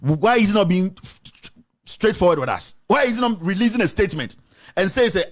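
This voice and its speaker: A Ghanaian man hosts a political call-in radio show with a fiery, combative delivery. His voice sits fairly high for a man, and he moves quickly between English and Twi. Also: lively intonation. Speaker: radio talk show host. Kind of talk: heated political talk radio.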